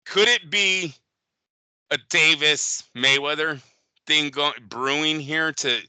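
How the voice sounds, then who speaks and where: A man co-hosting a boxing podcast in casual chat, animated and profane, often slipping into quick impressions. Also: on the high side, clean tone, no room sound, poor audio. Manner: animated, profane, impersonates fighters. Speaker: boxing show co-host.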